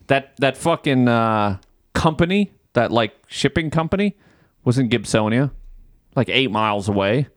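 A man's voice: mid-range voice, lively intonation, moderate pace, no room sound, clean studio sound. A man hosting a podcast, telling a story in casual chat, swearing freely and acting out his own exasperation. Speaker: podcast host.

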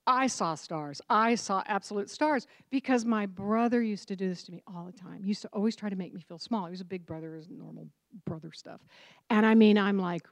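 Animated storytelling woman, dry close sound. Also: medium pitch, dry recording. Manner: animated storyteller who acts out quoted voices. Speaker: co-host and marriage counselor. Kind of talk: casual chat.

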